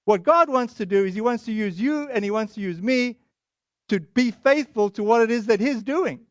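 High-voiced man preaching a lively sermon. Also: normal speed, no room sound, dull audio. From Boston area. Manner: storytelling, animated, acts out quoted voices. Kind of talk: sermon with personal story.

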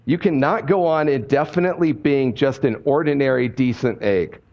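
A man's voice: medium pitch, moderate pace, muffled recording. A man preaching a sermon in a conversational, earnest way, repeating key points for emphasis. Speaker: pastor.

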